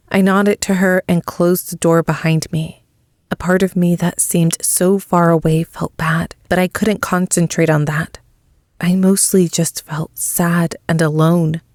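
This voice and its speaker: A woman narrates a story in the first person, reading slowly and with measured emotion. Her voice is low and the recording is dry, close and free of room sound. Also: a little mellow, dry recording. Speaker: audiobook narrator.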